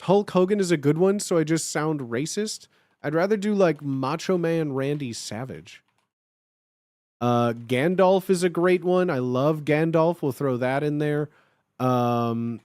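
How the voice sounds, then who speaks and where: A man chatting casually with his livestream viewers, talking in a halting way with lots of filler sounds and restarts. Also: a little high, darkish tone, clear, resonant tone, no echo, studio quality.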